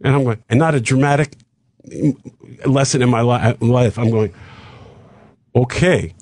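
A man's voice: medium pitch, no echo. An older man with a mid-range voice tells a winding showbiz story in a dry, close studio sound. He jumps in and out of the voices of the people he met, keeping the pace of a seasoned storyteller. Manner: animated anecdote with acted-out dialogue and quick asides. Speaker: guest comedian telling a story. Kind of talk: casual storytelling on a talk show.

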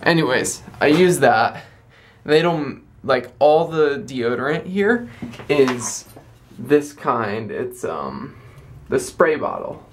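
A man's voice: medium pitch, sing-song, takes it slowly, slight background noise. Chatty young man vlogging. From United States. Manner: chatty, rambling, self-correcting. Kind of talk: casual storytelling vlog.

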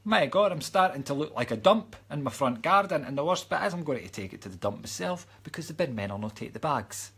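A Scottish man with a husky, mid-pitched voice chats through a live stream and reads out viewers' messages. He drifts into joking rants and drops to a playful whisper now and then. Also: a bit bright. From Scotland. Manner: chatty, ranting and joking, drops into mock whispers. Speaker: psychic medium reading live chat comments. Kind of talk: casual live-stream chat.

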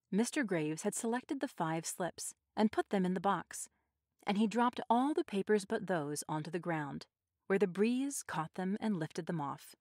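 A woman narrating a short story in a measured, expressive audiobook style. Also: fairly low pitch, no room sound, clean studio sound.

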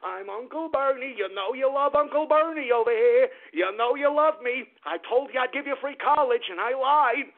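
A man putting on a boastful old politician who taunts and leers at his followers in a high, pinched voice. It comes through a tinny, phone-like radio line. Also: normal speed, few pauses. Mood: gloating. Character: gloating old male politician, leering and taunting.

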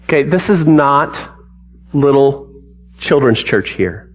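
A man with a high, light voice delivers a church sermon. He tells the story with drama and gets the congregation to repeat lines back to him. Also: measured pace. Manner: animated, dramatic storytelling with audience call-and-response. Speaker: preacher.

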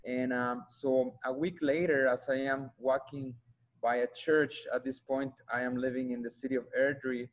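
Flat-voiced man with a Mexican accent. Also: mid-range voice, poor audio. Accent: Mexican Spanish. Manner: earnest, halting, repeats himself while searching for words. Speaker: guest speaker giving a testimony. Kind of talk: personal testimony.

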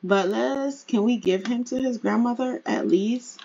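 A woman's voice: a little high, unhurried, dark tone, husky, muffled recording. A woman narrating a life-sim game in casual, chatty commentary to her viewers, laughing often. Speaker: game streamer.

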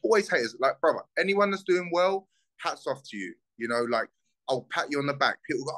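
Blunt South London fighter, bright voice. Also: male voice, on the high side, fast, rough recording. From South East London. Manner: blunt, swears freely, heated. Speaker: bare-knuckle fighter. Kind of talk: casual interview.

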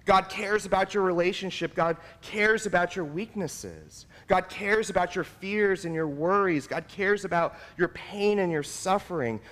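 A man's voice: sits high, measured pace, hardly any pauses, fairly bright tone, big-room sound. A man preaching a sermon as pastor, speaking in an earnest, personal, confessional way. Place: church sanctuary.

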